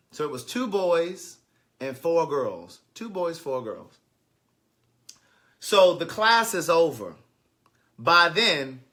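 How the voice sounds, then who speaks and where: Black guy telling a funny story, bright punchy voice, does the kids' whiny voices then goes low and stern. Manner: acts out students' pleading voices, drops low for his stern replies. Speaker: storyteller recounting a teaching day. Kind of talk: animated comic storytelling.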